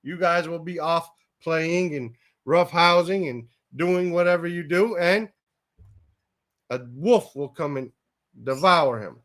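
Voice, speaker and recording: Male Quran Arabic teacher, slightly high voice, slow and methodical, says each word, then glosses it. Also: a bit bright. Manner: thinks aloud, tentative asides. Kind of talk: word-by-word Quran translation lesson.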